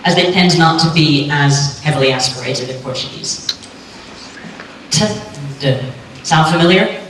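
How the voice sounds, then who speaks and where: A woman's voice: sits low, measured pace, a bit bright. Woman lecturing in an echoey hall. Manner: clear explanatory, lightly joking. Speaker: conference speaker on pronunciation teaching. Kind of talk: presentation to a live audience. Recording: echoey hall, distant mic, faint hum.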